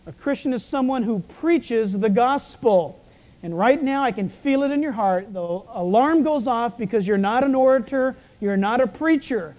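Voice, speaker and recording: A male pastor with a croaky, frog-like voice, preaching a sermon with storytelling asides. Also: extremely high pitch, lively intonation, normal speed, a little mellow.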